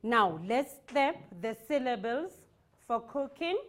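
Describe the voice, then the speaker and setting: A South African woman teaching young children in a classroom, speaking in a deliberate, clearly articulated way. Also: fairly high pitch, expressive. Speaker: primary school teacher.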